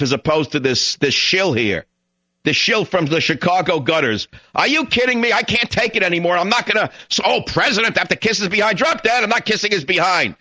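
Man, talk radio host, angry rant, strained voice, medium pitch, dull dry studio sound. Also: fairly bright tone, dry recording. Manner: angry, ranting, rhetorical questions. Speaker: radio talk show host taking calls. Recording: dull, dry broadcast audio.

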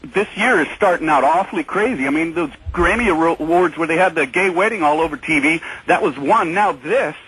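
A man's voice: a little high, brisk, few pauses, a bit bright, slightly rough, no echo, low-quality recording. A man calling in to a radio talk show, indignant and complaining. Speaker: caller.

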